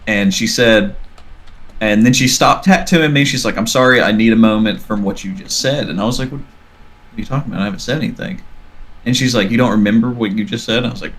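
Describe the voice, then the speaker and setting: Podcast guy, mid-pitch, rambling anecdote with acted-out dialogue, faint music underneath. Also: fairly bright tone. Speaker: podcast talker telling a story. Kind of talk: casual chat. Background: faint background music.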